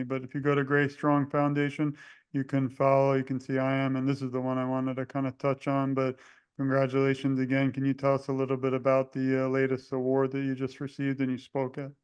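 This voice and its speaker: A man's voice: medium pitch, monotone, brisk, a little mellow, smooth, highs cut off. A man hosting an interview, asking questions in a supportive way and laughing often with his guest. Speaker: podcast host.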